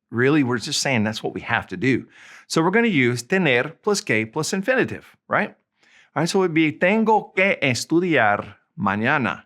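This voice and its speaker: A man teaching a language lesson, patiently explaining and repeating example sentences slowly. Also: mid-range voice, fairly bright tone.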